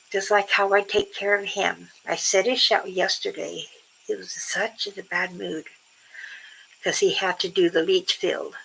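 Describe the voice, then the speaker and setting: A woman's voice: mid-range voice, level tone, normal speed, gravelly, a bit bright, slight background noise, poor audio. An older woman chatting casually with viewers on a livestream, telling rambling stories and laughing often. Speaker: livestream host.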